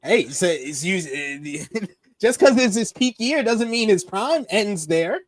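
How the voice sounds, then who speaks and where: A man co-hosting a casual wrestling review chat, animated and laughing as he tells stories. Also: high voice, a little slow. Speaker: co-host of wrestling review show.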